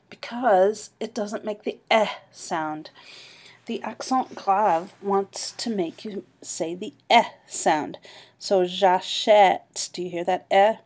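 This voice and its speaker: A woman's voice: mid-range voice, a little mellow. A woman teaching a French class online, patiently explaining grammar and modeling pronunciation. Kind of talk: online class review lecture.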